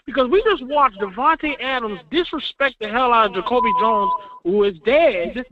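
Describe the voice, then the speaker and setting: A man calling in to a sports talk show, ranting as a fan and swinging between booming outbursts and low mutters. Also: lively intonation, moderate pace. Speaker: caller. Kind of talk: fired-up fan rant. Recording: dull lo-fi call audio.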